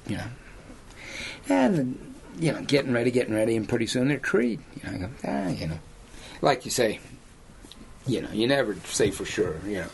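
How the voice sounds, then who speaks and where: With a creaky mid-range voice, big pitch swings, and long pauses, a hunting guide tells rambling stories at a moderate pace during an interview. He works as a lion hunter and outfitter, keeps saying "you know," and laughs at his own tales, with slight background noise.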